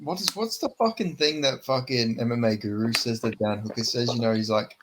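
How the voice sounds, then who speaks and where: A man's voice: medium pitch, fairly quick, background noise. Laid-back Australian man chatting. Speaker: podcast co-host. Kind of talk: casual chat.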